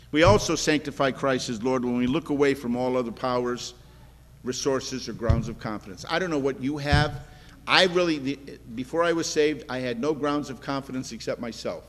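A man preaching a sermon in an earnest, conversational way, repeating key phrases as he speaks to his congregation. His voice sits high for a man. The room gives a long, hall-like reverb behind him. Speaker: pastor.

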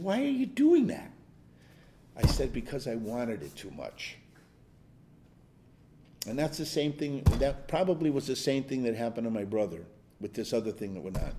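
A man's voice: mid-range voice, dark tone, a little hiss or hum. An older man leading a Bible study, telling stories in a rambling, chuckling way with many restarts. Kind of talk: conversational Bible teaching.

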